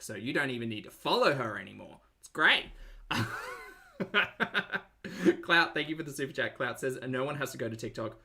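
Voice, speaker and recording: A man's voice: mid-range voice, sharp tone. A man with an Australian accent hosting a live-stream reaction, chatty and sarcastic as he reads out viewer messages. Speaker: commentary channel host.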